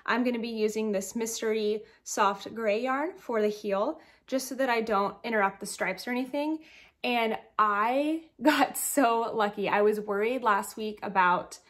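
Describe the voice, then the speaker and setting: Knitting podcast host: a woman with a fairly high voice gone groggy from the morning, chatty and giggly. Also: a little slow, fairly bright tone. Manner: chatty, rambling, giggly asides. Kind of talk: casual chat showing knitting projects.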